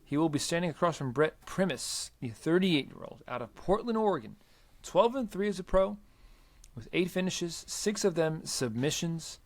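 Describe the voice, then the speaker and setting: A man's voice: on the high side, lively intonation, normal speed. A man hosting a casual MMA preview, running through fighter records and handing off to co-hosts. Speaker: show host. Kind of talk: casual sports chat, reading fight stats.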